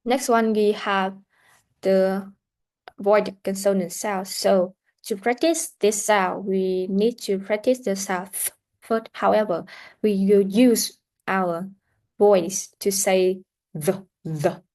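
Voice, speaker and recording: Slow, careful woman teaching pronunciation. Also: mid-range voice, steady tone, darkish tone. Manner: slow, careful, models sounds for repetition. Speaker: English teacher. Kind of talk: pronunciation lesson.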